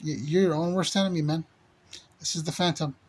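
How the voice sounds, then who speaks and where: A man's voice: fairly high pitch, fairly even intonation, brisk, slightly rough. A man delivering an angry, profane ranting monologue to the camera, repeating himself and hurling insults. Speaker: channel host.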